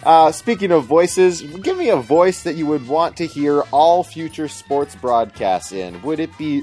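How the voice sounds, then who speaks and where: Young male podcast host, lively voice, easy laugher. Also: on the high side, unhurried, few pauses, faint music behind. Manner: animated, laughing easily. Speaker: podcast co-host asking questions. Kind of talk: casual sports podcast banter.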